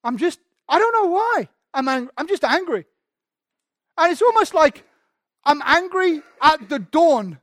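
A man's voice: very high-pitched, big pitch swings, unhurried, a bit bright, no echo, studio quality. A man preaching a sermon as pastor, candid and self-deprecating, often restarting his sentences.

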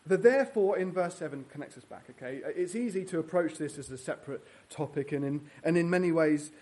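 A man's voice: a little high, brisk, a little mellow. A man preaching a sermon in a church, earnest and teaching verse by verse with fillers and restarts.

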